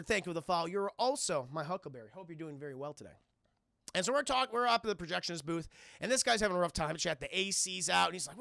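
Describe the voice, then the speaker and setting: A man excitedly recapping a film scene by scene for his live chat, swearing freely and talking straight to the viewers. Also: high-pitched, quick pace, creaky, no room sound, studio quality. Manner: excitable, profane, keeps addressing chat. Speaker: streamer reviewing a film.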